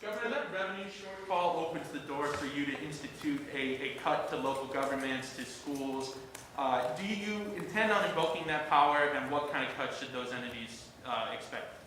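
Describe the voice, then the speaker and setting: Bright-voiced reporter man in echo. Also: fairly high pitch, normal speed, slight background noise. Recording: echoey room mic from afar.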